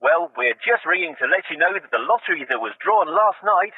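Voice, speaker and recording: An English man delivering deadpan sketch comedy lines as a polite caller. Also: sits high, brisk, slightly rough, no room sound, narrow, tinny audio. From England.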